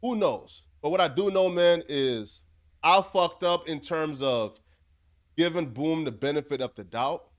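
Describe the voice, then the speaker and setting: A man's voice: on the high side, unhurried. A man narrating commentary in an earnest, apologetic way.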